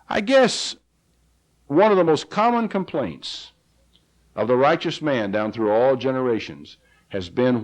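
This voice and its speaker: Animated male preacher, 1980s sermon. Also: medium pitch, measured pace, low-quality recording. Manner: earnest preaching, reading scripture aloud, rising to pleading cries.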